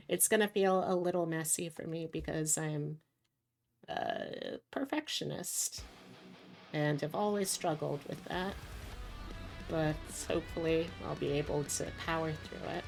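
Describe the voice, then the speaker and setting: A woman with a low voice and an unhurried pace chats casually on a drawing stream. She wanders off on tangents and asides, and faint music plays behind her. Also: darkish tone. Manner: chatty and rambling, with frequent fillers and asides. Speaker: VTuber streamer.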